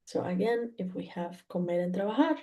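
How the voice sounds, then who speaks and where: A woman's voice: on the low side, animated, brisk, warm tone. A woman from Mexico teaching Spanish grammar to learners, patient and careful, checking in with "okay?" after each point.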